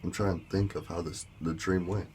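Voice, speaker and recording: A man casually recounting a dream in a rambling, halting way, with many fillers. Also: deep voice, steady tone, darkish tone, a little hiss or hum. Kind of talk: casual storytelling vlog.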